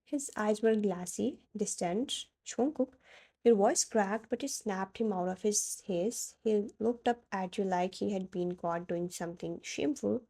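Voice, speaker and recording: A woman reads a romance story aloud in a steady, dramatic way. Her voice is warm and mellow, with a medium pitch. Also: a little slow, few pauses. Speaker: fan fiction narrator. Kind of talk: scripted narration of second-person fan fiction.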